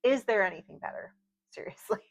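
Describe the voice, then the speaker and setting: A woman's voice: medium pitch, brisk, gravelly, soft background music. A woman giving a casual tarot reading at home at night, chatty and rambling, with light laughs and side stories. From United States. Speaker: tarot reader. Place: home at night, outdoor noise faint. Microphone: video call style home recording. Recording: slightly dull, lo-fi home recording.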